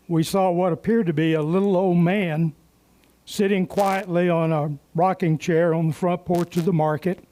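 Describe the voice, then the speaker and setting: A man's voice: high-pitched, mellow. A man emceeing a club meeting who tells folksy, joking stories and makes announcements.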